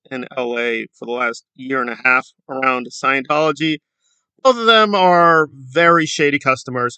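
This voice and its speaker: A man's voice: medium pitch, pushed and bright, no echo. A man giving a sarcastic, critical commentary in a casual vlog. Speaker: YouTube commentator.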